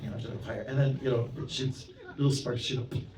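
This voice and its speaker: A man's voice: mid-range voice, fairly even intonation, fast talker. Male monk from Canada, chatty storytelling lecturer, heard from a distance with a crowd in the hall. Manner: chatty, anecdotal, with many "you know" asides and audience questions. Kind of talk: storytelling sermon to a temple audience. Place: temple hall. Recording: roomy hall, mic at a distance, audience present.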